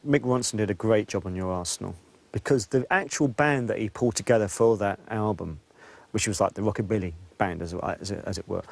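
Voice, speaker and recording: A man in an interview, recalling things in a reflective, candid way with a few restarts. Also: fairly low pitch. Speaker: interviewee, former co-writer. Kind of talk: interview recollection.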